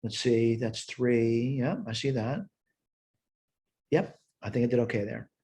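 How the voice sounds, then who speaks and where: A man's voice: medium pitch, steady tone, a little slow, dark tone. A man teaching a math lesson, thinking aloud as he works problems step by step at a whiteboard. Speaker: math instructor. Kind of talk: recorded math lesson walkthrough. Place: at a whiteboard, screen sharing.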